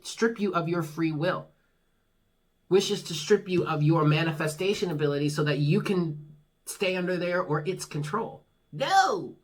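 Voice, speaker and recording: A tarot reader giving a casual monthly reading, talking frankly, swearing freely and reassuring the listener. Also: medium pitch. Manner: laughs at own jokes.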